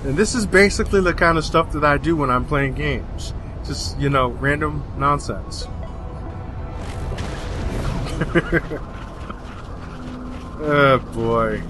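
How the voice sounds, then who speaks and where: A man's voice: fairly high pitch, slow pace, background noise. Young man rambling over gameplay. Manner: rambling, jokey, with fillers. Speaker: gamer. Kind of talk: casual let's-play commentary. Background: game music.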